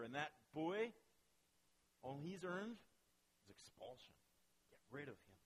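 Man preaching with a higher voice. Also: low-quality recording. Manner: animated retelling with dramatic pauses. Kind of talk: sermon storytelling. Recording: faint hiss.

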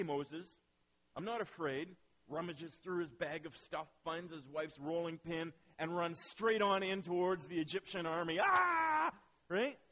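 A man preaching a sermon as pastor, telling stories with lively asides and acting out quoted voices. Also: high-pitched, rough recording.

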